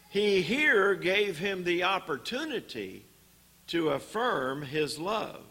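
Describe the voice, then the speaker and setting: A man preaching a sermon in a church, teaching on scripture in a deliberate way with pauses and "uh" fillers. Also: fairly high pitch, gravelly, sharp tone, husky.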